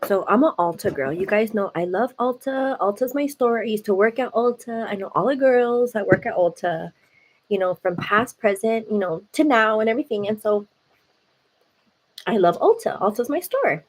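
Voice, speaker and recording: Her voice is mid-range and her speed is normal as she chats through a story on her live stream. The woman sits at home, animated and casual, leaning heavily on "like" and "you know."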